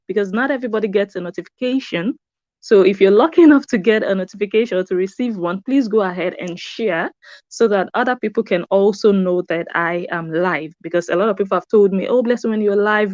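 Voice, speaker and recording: A woman's voice: medium pitch, a little mellow, dry recording, muffled recording. A woman hosting a live stream from a room upstairs at home, chatting casually and greeting her viewers by name. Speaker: YouTube host.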